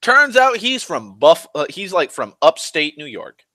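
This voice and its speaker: A young man talks through a loose, rambling vlog monologue, restarting sentences and swearing freely. His voice is bright and forceful, picked up dry and close with no room sound. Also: a little high, sing-song, measured pace, no echo. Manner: rambling, restless, full of restarts and "like", swears freely, swings loud and soft. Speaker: vlogger.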